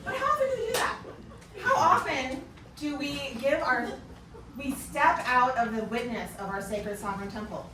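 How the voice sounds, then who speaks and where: A woman giving a motivational keynote talk to a live audience, telling stories animatedly and acting out other people's lines. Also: high-pitched. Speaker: keynote speaker. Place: large conference room. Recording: echoey hall, speaker far from the mic, background noise.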